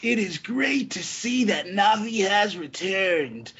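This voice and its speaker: A man's voice: sits high, expressive, slow pace, bright, forceful tone, husky, pitched above the performer's own voice, full character voice. A man voicing a cheerful young forest girl, a sage, who hands down mock-grand decrees in a lo-fi recording.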